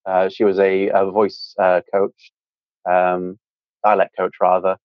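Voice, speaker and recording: A young man with a British accent chats as a guest, filling his talk with ums and likes. His voice sits on the low side. The recording is dull, dry and a bit lo-fi. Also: monotone, slow, no echo. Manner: rambling, with many fillers. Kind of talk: casual interview chat.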